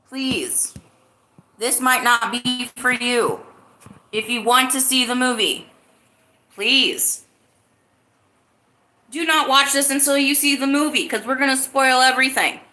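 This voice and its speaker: A woman's voice: high voice, steady tone, takes it slowly, pauses often, pushed and bright, reverberant. A woman hosting her own live-stream podcast, talking casually and greeting viewers in the chat. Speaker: livestream podcast host.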